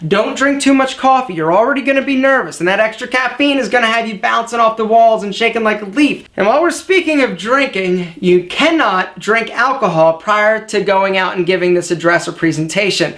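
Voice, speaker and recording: A man, a style vlogger giving energetic advice straight to the camera and acting out quotes in shifting voices. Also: high-pitched, fairly quick, few pauses.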